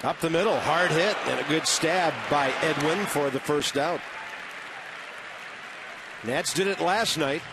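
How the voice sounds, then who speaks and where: Play-by-play announcer, male, upper-mid voice, conversational with wry asides, booth audio with steady noise. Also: on the high side, unhurried, long pauses, a loud crowd. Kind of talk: baseball play-by-play commentary. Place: broadcast booth at a ballpark. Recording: noisy broadcast audio.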